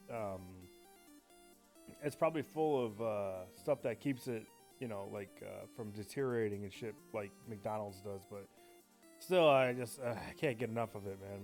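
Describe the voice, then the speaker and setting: A man chatting casually while streaming a game, rambling and swearing, with faint game music behind him. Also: on the low side. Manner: rambling, profane, excitable. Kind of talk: casual chat while gaming.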